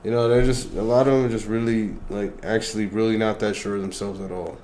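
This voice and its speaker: A man's voice: lowish voice, fairly even intonation, fast talker, darkish tone, a little hiss or hum. Slangy, cursing man in casual chat. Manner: loose, slangy and profane, full of fillers. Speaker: co-host.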